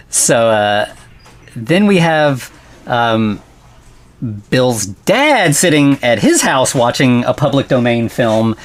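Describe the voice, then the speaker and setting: A man hosting a podcast who recaps a film in casual, rambling chat, full of "like" and "you know" and quick laughs. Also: mid-range voice, big pitch swings. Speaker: podcast host.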